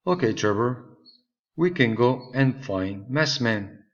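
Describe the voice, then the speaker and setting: A man's voice: mid-range voice, lively intonation, takes it slowly. A man voicing a cheerful girl on a trip, reading her lines upbeat. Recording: slightly dull lo-fi recording.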